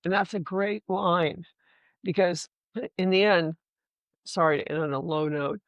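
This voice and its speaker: A woman Shakespeare scholar talking candidly in a relaxed lecture style, often checking in with "right?" and swearing casually. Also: fairly low pitch, measured pace, dry recording, muffled recording. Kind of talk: conversational lecture with readings.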